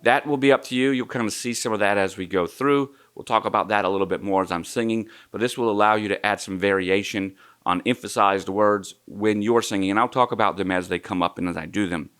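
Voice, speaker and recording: Low-voiced man teaching guitar. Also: a little fast, few pauses, fairly bright tone, smooth. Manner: easygoing, counts strums aloud, sings snatches of melody. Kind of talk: guitar lesson. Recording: guitar playing under the voice.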